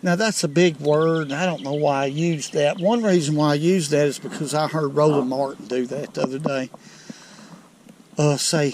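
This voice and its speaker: A man with a Southern US accent hosting a fishing vlog from a lake bank, folksy and excitable as he talks straight to viewers. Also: fairly high pitch, normal speed. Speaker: fishing channel host. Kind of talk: outdoor fishing vlog commentary. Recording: outdoor noise behind voice.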